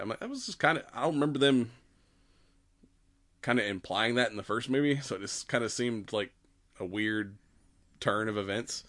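A man's voice: lowish voice, bright, forceful tone. A man in casual chat about a horror movie, rambling and laughing often as he acts out scenes.

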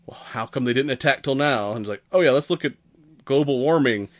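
A man's voice: medium pitch, a little fast, no echo. A man casually recaps a movie on a podcast, rambling along and swearing freely as he acts out the characters' lines. His voice sits mid-range, and the recording is dry and close. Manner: rambling, profane, acts out quoted characters with laughs. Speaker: podcast host.

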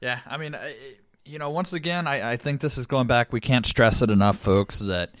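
A man co-hosting a podcast in casual chat, relaxed and chatty with lots of fillers. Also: medium pitch, normal speed, no room sound. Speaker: podcast co-host.

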